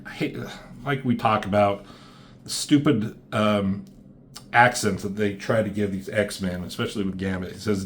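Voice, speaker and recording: A man casually recapping a comic issue, rambling and reading panels aloud with quick voiced quotes and casual swearing. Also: on the low side, fairly even intonation, a little hiss or hum. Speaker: comic book reviewer.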